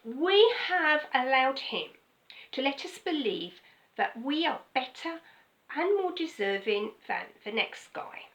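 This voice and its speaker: Older lady pastor, bright voice, swoops up and down a lot, talks like she's chatting to you. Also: high-pitched, takes it slowly, low-quality recording. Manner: chatty, animated, frequent "okay?" asides. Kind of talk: casual sermon.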